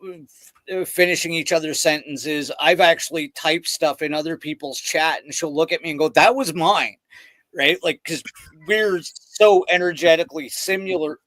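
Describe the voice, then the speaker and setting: A man's voice: on the high side, fairly bright tone, no echo. A man hosting a casual podcast, telling loose rambling stories and swearing freely. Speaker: podcast host.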